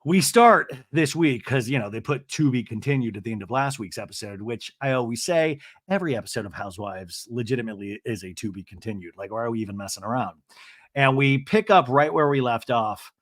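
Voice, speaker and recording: A man's voice: mid-range voice, lively intonation, brisk, a bit bright. A man hosting a podcast, recapping a reality TV episode in a gossipy, profane, self-mocking way. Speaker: podcast host.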